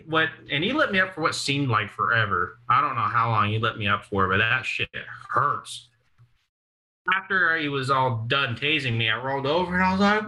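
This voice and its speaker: This young man is a podcast guest spinning rowdy, profane stories, laughing as he acts out other people's lines in a casual storytelling mode. His mid-range voice has a sharp tone, and the audio quality is poor.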